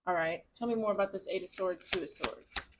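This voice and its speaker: A woman's voice: lowish voice, fairly quick, background noise. A woman giving a casual tarot reading to camera at home, gushing, chatty and encouraging, with the odd swear word. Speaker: tarot reader.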